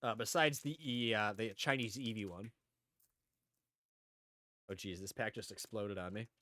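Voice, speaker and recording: Chatty, bright-voiced male streamer. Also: on the low side, steady tone, unhurried. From upstate New York. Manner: rambling, chatty, repeats himself. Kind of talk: casual live-stream chat.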